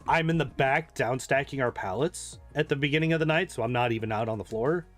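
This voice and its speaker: A man's voice: medium pitch, fairly bright tone. Man, casual gaming chatter, rambling, swears a lot, faint music behind. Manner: rambling, profane, laughs often. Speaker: gaming streamer. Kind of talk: casual chat while playing.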